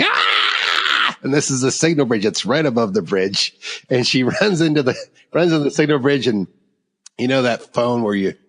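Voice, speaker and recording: A man's voice: medium pitch, creaky, a bit bright, big-room sound. A man hosting a podcast, telling stories in casual chat and laughing through them. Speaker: podcast host.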